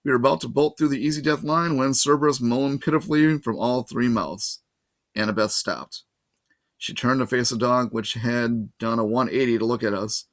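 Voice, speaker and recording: A man reading a children's novel aloud in steady, even storytelling. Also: mid-range voice, moderate pace, no room sound. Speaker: reader.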